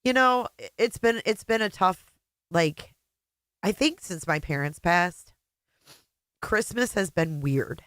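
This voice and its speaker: A woman's voice: on the low side, expressive, takes it slowly, long pauses, a bit bright, no room sound. A middle-aged woman hosting a casual livestream chat, emotional and teary, greeting viewers by name. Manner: emotional, chatty, reading out viewer names. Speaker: livestream host.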